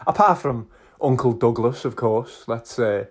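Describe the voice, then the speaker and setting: A man's voice: mid-range voice, unhurried. A man, co-hosting a casual chat and rambling through a story, calling his friend "lad". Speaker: podcast co-host.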